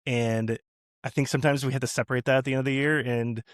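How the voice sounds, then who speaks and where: Male podcast guest, casual storyteller, loose and rambling, mid-pitched, dry recording. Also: fairly even intonation, quick pace, dry recording. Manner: rambling storyteller, many restarts and fillers.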